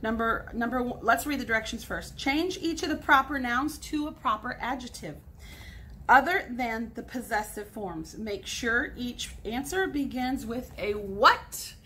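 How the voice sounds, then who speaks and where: Bright-voiced woman teaching a grammar lesson. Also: a little high, lively intonation, a little slow, slight background noise. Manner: patient, explains step by step, spells words out. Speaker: sixth grade teacher. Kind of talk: recorded grammar lesson for students at home.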